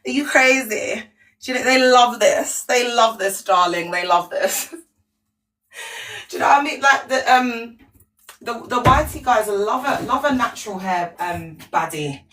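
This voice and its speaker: A woman's voice: fairly high pitch, animated, measured pace, a bit bright, slight background noise. A woman chatting frankly on a phone live stream at home. She rambles and keeps checking in with "do you know what I mean", calling her viewers "baby" and "my love". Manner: chatty, frank, many tag questions and terms of endearment. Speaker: livestream host.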